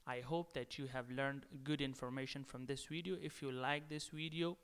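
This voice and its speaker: Man, language teacher, video lecture, repeats words, smooth, reverberant. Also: medium pitch, steady tone, a bit bright. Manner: deliberate, repeats words several times. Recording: long reverb.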